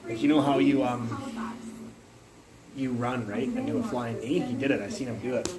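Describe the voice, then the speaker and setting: A man's voice: medium pitch, normal speed, noisy background. A man rambling through stories on a phone livestream, swearing and jumping between topics. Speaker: livestream host. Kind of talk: rambling casual livestream chat.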